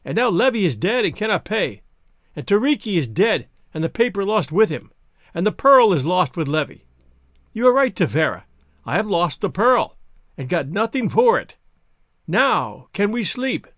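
A man's voice: high-pitched, big pitch swings, normal speed, fairly bright tone, dry recording, studio quality. A man voicing a timid island husband who talks in a faltering, nervous way. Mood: weary.

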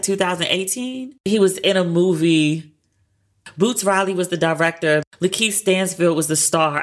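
A woman co-hosting a casual pop-culture chat show, animated and chatty, often acting out her own reactions in high tones. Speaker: podcast co-host.

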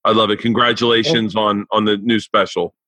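A man's voice: on the low side, flat delivery, a little fast, bright, forceful tone, dry recording. A man hosting a podcast in casual chat, cursing freely and stumbling over restarts. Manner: profane, stammering restarts. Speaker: podcast host.

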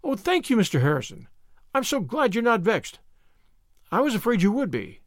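A man's voice: high-pitched, huge pitch swings, moderate pace, no room sound, clean studio sound, pitched above the performer's own voice, full character voice. A man doing an eager, gushing teenage girl. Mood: relieved, eager. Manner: breathless, earnest, gushing. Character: eager talkative teenage girl, impulsive and apologetic.

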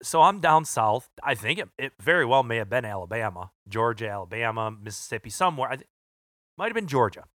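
A man's voice: medium pitch, very animated, brisk, fairly bright tone, no room sound, clean studio sound. A man co-hosting a podcast, chatting and telling a wisecracking anecdote. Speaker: podcast co-host. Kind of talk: casual chat.

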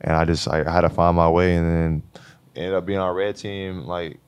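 A man's voice: low-pitched, level tone, normal speed, clear, resonant tone, dry recording. A young man in his twenties, a college basketball player, telling stories in a laid-back, slangy way during a casual interview. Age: 20s.

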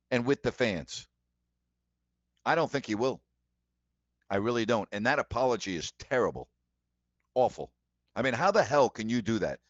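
A man's voice: mid-range voice, no echo, dull audio. A man hosting a sports talk show, giving emphatic, indignant commentary and repeating his points.

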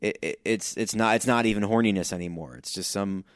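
A man with a very low, smooth, resonant voice, co-hosting a podcast. He talks in a halting way, starting phrases over and over, in a dry, close sound. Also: dry recording. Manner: halting, restarts, many "you know"s. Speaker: podcast co-host. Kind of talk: casual chat.

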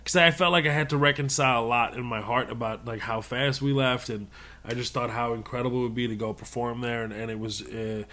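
A man talks as a comedian guest in an unscripted interview. His voice sits at an ordinary middle pitch, and he tells his stories with animation, laughing often as he goes. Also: fairly even intonation, brisk, pushed and bright. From Middle East. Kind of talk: casual interview conversation.

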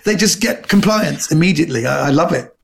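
Gravelly animated male storyteller. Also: on the high side, brisk, a little hiss or hum. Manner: animated storyteller acting out quoted people. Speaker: guest comedian. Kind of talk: casual anecdote telling.

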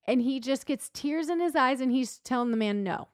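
A woman's voice: sits high, moderate pace, no echo, clean studio sound. A woman in her thirties chatting casually, telling a story and acting out the people in it. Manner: animated storyteller, acts out quotes. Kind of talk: casual chat.

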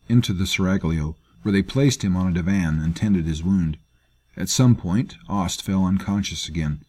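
A man narrating a grim fantasy story in a measured, grave manner. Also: deep voice, a little mellow. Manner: measured, grave, performs all characters. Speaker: audiobook narrator. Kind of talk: scripted narration.

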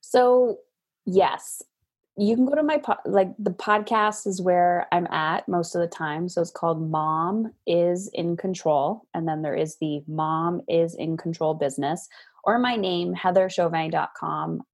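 A woman in her thirties or forties, a parenting coach, talking frankly and telling animated stories as a guest in a casual interview over a video call. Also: lowish voice, measured pace. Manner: frank, animated storytelling with restarts.

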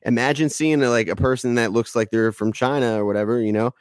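A man's voice: mid-range voice, fairly even intonation, fast, dry recording, studio quality. A man guesting on a podcast as a musician, chatting in a laid-back, profane way. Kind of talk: casual podcast chat.

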